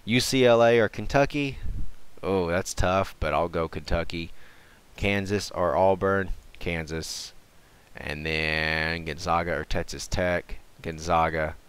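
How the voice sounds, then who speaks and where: A man casually talking through his picks out loud, unhurried and hesitant, with many fillers and self-corrections, as a voice-over on a screen recording. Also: deep voice, clean tone. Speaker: gaming and sports channel host. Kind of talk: casual thinking-aloud commentary.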